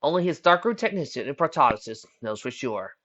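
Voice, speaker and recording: A man voicing an older male pony grandfather who teases with gruff threats, in a storybook reading. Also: mid-range voice, very animated, brisk, fairly bright tone, pitched above the performer's own voice. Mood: teasing. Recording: dull lo-fi recording.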